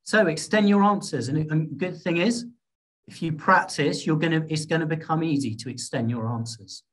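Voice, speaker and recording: A man with a British accent giving an online exam-prep speaking workshop in a lively, encouraging way, often checking in with the class. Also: fairly high pitch, normal speed. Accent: British English. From Britain. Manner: lively, encouraging, checks in with "okay?" and "all right?". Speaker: IELTS speaking teacher.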